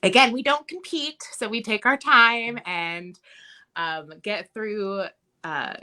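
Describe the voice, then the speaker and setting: A middle-aged woman from Minnesota with a Minnesota accent, chatting as a guest and telling stories in an animated way. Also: mid-range voice, takes it slowly. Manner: animated storyteller who laughs often and acts out quotes. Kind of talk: casual chat.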